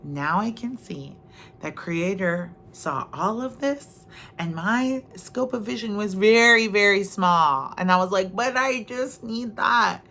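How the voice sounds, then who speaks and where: A woman's voice: medium pitch, animated, slow pace, a bit bright, slight background noise. A middle-aged woman giving an earnest, conversational spiritual talk, often checking in with "right?". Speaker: motivational speaker.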